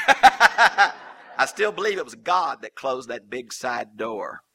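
Gravelly, animated male preacher. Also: mid-range voice, slow. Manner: animated, folksy and humorous, with colloquial asides. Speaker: preacher and Bible teacher. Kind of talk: Bible teaching sermon.

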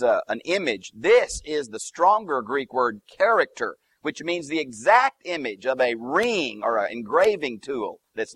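Husky lively male Bible teacher. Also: medium pitch, no echo. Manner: explains Greek and Hebrew terms, emphatic lists; lively, swooping emphasis on key words.

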